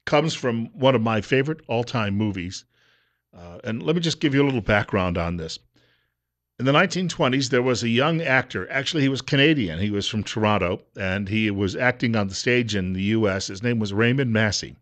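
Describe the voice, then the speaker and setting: A man's voice: fairly low pitch, lively intonation, a little fast, fairly bright tone. A male radio talk host in casual commentary, talking conversationally with frequent fillers and restarts.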